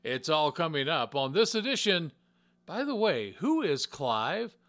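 Male podcast host; animated, slightly high, dry close recording. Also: measured pace. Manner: lively, joking, stammers now and then. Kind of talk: casual chat.

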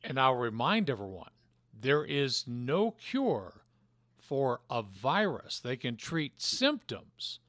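A man hosting a wrestling podcast who speaks in a deliberate, emphatic way. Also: mid-range voice, big pitch swings, fairly bright tone, no echo, studio quality. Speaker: podcast host. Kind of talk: casual chat.

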